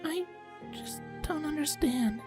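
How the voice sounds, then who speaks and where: A man voicing a young female unicorn filly with a high, soft, fragile voice, reading a story with faint music behind. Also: takes it slowly. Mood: guilty, pleading. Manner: small, fragile, pleading.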